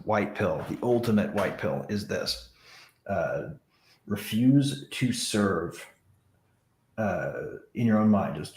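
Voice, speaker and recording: A man's voice: lowish voice, roomy sound. A man talking on a podcast panel in a blunt, emphatic way, swearing freely. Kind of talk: casual panel chat.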